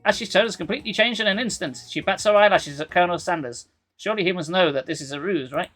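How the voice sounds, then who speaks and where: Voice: mid-range voice, fast, fairly bright tone, soft background music. Wry streamer reading a dating game. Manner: wry, sarcastic asides.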